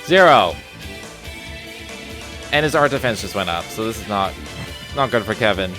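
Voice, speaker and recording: A man's voice: on the low side, animated, normal speed. A male streamer casually thinking aloud while playing a game. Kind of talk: gameplay commentary. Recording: game music behind.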